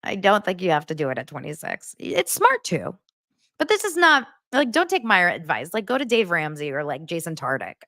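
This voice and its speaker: Animated woman podcast host, dry close sound. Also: fairly quick, no room sound. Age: 40s. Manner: animated, acts out quotes in a higher voice, laughs often. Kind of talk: casual pop-culture recap chat.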